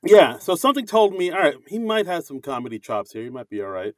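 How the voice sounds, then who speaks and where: A man co-hosting a casual comedy podcast, chatty and rambling, quick to laugh. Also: a little high, big pitch swings, no echo. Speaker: podcast co-host.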